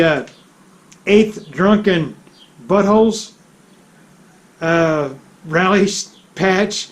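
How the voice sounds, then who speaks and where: Joking American man with a high voice. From United States. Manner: joking, rambling, self-deprecating. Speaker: motorcycle vlogger host. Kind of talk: casual chat to camera. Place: home garage.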